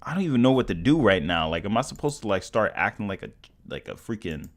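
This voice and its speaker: A young man hosting a live stream, excitable and stammering, swinging between shouts and mumbles. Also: on the low side, quick pace. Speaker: livestream host. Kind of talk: casual live stream chat.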